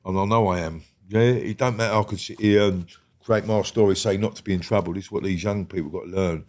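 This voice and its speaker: A man's voice: deep voice, steady tone, fast, darkish tone. A middle-aged man, a former prisoner telling his life story in an interview, blunt and sweary, checking in with "mate" and "yeah?". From England.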